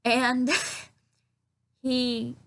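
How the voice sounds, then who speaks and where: A woman's voice: fairly high pitch, monotone, extremely slow, gravelly, a bit bright. A woman ranting casually about a bad film, rambling, swearing and laughing in disbelief. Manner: rambling, profane, laughing, incredulous. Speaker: film reviewer. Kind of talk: casual film review vlog.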